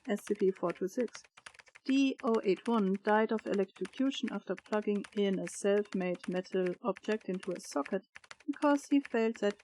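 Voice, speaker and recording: A woman's voice: medium pitch, dark tone, slight background noise. A woman gaming streamer reading in-game reports aloud, stumbling over hard words and adding playful asides. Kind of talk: reading game text aloud while playing.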